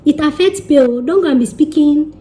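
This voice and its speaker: A woman's voice: high-pitched, brisk, dark tone. A young woman with a Nigerian accent giving casual advice in a vlog. She is chatty and teasing, talks straight to her viewers and slips into pidgin. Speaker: vlogger giving relocation advice.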